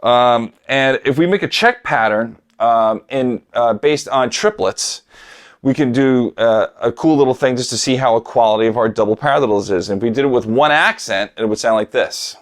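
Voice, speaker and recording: A man's voice: mid-range voice, moderate pace, faint music behind. A middle-aged man teaching drum rudiments, talking straight to his students in a direct coaching manner and counting out patterns. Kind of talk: instructional talk to camera.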